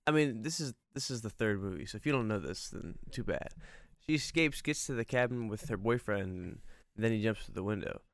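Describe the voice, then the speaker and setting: Easygoing low-voiced man chatting. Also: expressive, a little fast, hardly any pauses, no room sound, clean studio sound. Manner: easygoing, laughs often. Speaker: co-host watching a movie. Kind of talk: casual movie watch-along chat.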